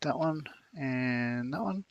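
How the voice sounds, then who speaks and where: A man's voice: medium pitch, slow, no room sound. Rambling man on a dull line. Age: older. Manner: rambling, hesitant, with many ums. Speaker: co-host. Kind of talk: casual live-stream chat.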